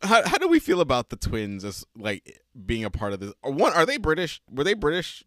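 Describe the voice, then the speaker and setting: A man's voice: on the high side, fairly quick, no room sound, studio quality. A man co-hosting a podcast, chatting casually and laughing often as he recaps a movie. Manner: laughs often, animated storytelling. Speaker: podcast co-host. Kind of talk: casual chat.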